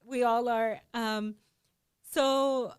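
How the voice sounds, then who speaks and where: A young adult woman co-hosting a podcast, talking in an animated, chatty way with lots of "like" fillers. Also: on the high side, extremely slow, smooth. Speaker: podcast co-host. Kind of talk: casual conversational chat.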